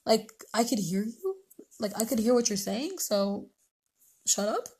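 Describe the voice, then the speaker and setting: Woman host, high voice, rambling advice talk with lots of "like" and restarts. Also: sing-song, measured pace, a little mellow, slightly rough. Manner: rambling, many restarts and fillers. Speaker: podcast host. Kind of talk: casual advice monologue.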